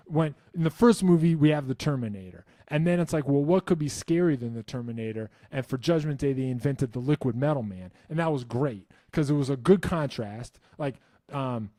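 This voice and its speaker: A man's voice: medium pitch, warm tone, no room sound, studio quality. A man hosting a casual live stream, answering viewer questions in a rambling, self-interrupting way with wry enthusiasm.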